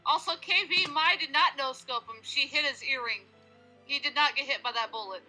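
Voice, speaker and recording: A woman co-hosting a live stream, calmly reassuring viewers and correcting details. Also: high-pitched, brisk, faint music behind, poor audio. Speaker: stream co-host. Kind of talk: casual chat.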